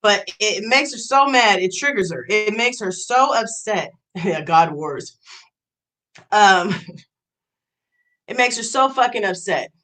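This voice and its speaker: A woman's voice: medium pitch, animated, slow, pauses often, fairly bright tone, poor audio. A woman live streamer in a profane, mocking rant, reacting to clips and messages. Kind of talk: ranting commentary.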